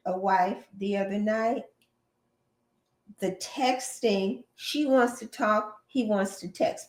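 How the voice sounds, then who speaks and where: A middle-aged woman co-hosting a marriage talk show, giving advice in a lively, teasing way. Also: mid-range voice, reverberant. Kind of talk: casual advice chat.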